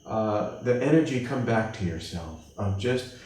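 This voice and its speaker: A man giving a spiritual class, telling stories gently and acting out the voices of the people in them. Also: animated, unhurried, a little hiss or hum. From United States. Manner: gentle, storytelling, acts out quoted voices with rising pitch. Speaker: class teacher at a monastery. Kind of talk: spiritual class talk with acted anecdotes. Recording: echoey room from a distance.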